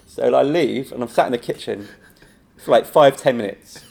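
A man who teaches improv, telling a long anecdote in a relaxed interview. His voice sits mid-range with a gravelly, fry-edged texture. He laughs often and jumps into quoted voices. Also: medium pitch, normal speed. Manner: animated storytelling, laughing often, acting out quotes. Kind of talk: casual anecdotal chat.

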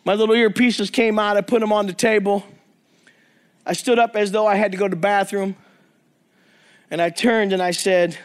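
A man preaching to a men's ministry, telling jokey, animated stories and acting out the people in them. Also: high-pitched, moderate pace, pauses often, clear, resonant tone. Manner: animated, acts out quoted voices, jokey asides. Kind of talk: energetic storytelling sermon. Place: church or men's meeting hall.

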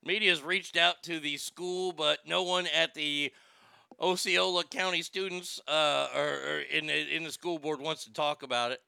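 A man's voice: a little high, fairly even intonation, a little slow, creaky, sharp tone, clear, resonant tone, dry recording. A man hosting a show, giving casual comedic commentary in a profane, irreverent way. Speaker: show host.

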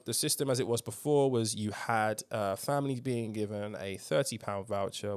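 Man, podcast host, lowish voice, animated and emphatic, swears freely. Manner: animated, emphatic storytelling with swearing and filler ums. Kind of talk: casual current-affairs chat.

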